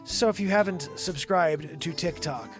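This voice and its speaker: A man with a fairly high voice hosts a casual livestream, greeting viewers by name with animated energy. Music plays clearly behind him as he talks into his desk mic. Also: normal speed. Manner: animated, loud shout-outs to viewers. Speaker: host.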